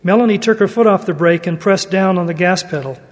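A man giving an earnest, measured sermon and reading a story aloud. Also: high-pitched. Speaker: religious speaker. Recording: long hall reverb.

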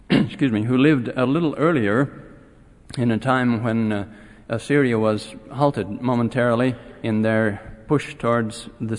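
A man teaching a scripture class. He speaks haltingly with many filler pauses and grows animated when he retells a story. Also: lowish voice, long reverb tail.

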